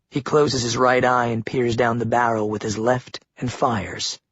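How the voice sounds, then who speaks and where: A man reading an audiobook in a steady, grave storytelling manner. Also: mid-range voice, unhurried, hardly any pauses, husky, dry recording. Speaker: audiobook narrator. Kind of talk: dramatic audiobook narration. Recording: dry, slightly muffled lo-fi recording.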